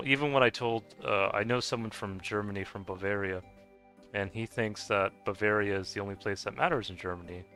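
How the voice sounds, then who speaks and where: A man rambles through a casual chat while he games, his voice low-pitched yet bright and clear. He meanders and restarts his sentences and fills them with little verbal pauses. Soft game music plays faintly underneath. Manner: meandering, heavy with fillers and restarts. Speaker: gamer chatting while playing.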